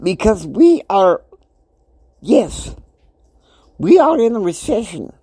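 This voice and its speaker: A man in his fifties hosting a motivational podcast, talking emphatically and preachily. He swings between soft asides and loud outbursts. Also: high voice, big pitch swings, slow pace, husky, dry recording. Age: 50s. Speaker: podcast host.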